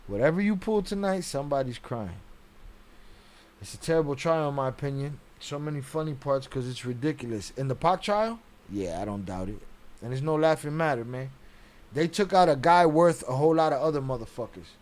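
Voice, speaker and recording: A man's voice: medium pitch, lively intonation, a little fast, darkish tone. A man hosting a casual live stream, reading chat aloud and talking bluntly with heavy profanity and frequent laughs.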